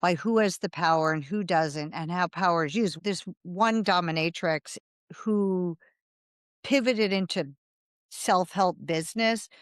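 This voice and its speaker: A woman's voice: lowish voice, measured pace, dry recording, studio quality. A woman in her fifties, a writer, telling a long, rambling anecdote in a casual interview, acting out quoted dialogue and laughing along the way. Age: 50s. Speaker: guest, writer.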